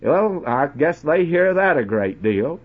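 A man preaching on the radio, telling a personal story in a chatty way, with many halting restarts. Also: on the high side, sing-song, slightly rough. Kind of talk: folksy sermon with personal anecdote. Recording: dull lo-fi old radio recording.

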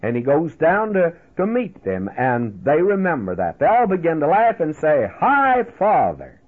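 A male preacher tells a story over the radio with a husky edge and a pitch that rises and falls freely. He speaks in a folksy, familiar way to his listeners. The sound is thin and tinny, like an old broadcast. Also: very animated, normal speed. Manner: folksy, addresses listeners as "my friend". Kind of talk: storytelling sermon.

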